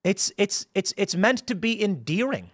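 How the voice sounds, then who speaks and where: An American man with a high-pitched voice hosts a casual political commentary monologue. He rambles through animated stories, restarting sentences and laughing as he goes. The sound is dry and close, with no room echo. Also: normal speed. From United States. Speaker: political commentary show host.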